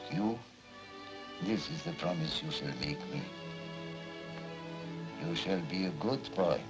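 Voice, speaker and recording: An actor playing an elderly, kindly Jewish man who soothes a frightened boy in a soft, patient voice, in 1940s film style. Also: mid-range voice, low-quality recording. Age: older. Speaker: guardian figure comforting a boy. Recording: 1940s film soundtrack with music underneath.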